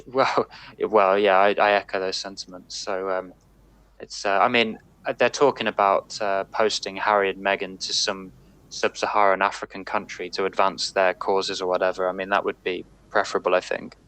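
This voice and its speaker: A man's voice: deep voice, level tone, normal speed, fairly bright tone, smooth, rough recording. A man hosting a live-streamed podcast, speaking casually and hesitantly with many fillers. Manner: hesitant, many ums and restarts. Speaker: podcast host.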